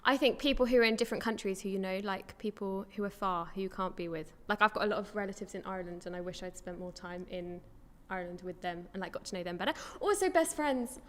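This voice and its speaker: A woman's voice: mid-range voice, fast, hardly any pauses, slight background noise. A woman co-hosting a live church chat show, bubbly and a little self-conscious. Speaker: co-host. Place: church hall. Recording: hall reverb, faint ambience.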